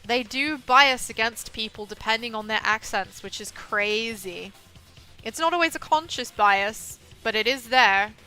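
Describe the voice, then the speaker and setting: A woman from England with a softened Southwest English accent, chatting casually as a VTuber streamer between game scenes. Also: on the high side, measured pace, smooth, faint music behind. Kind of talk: casual gaming commentary.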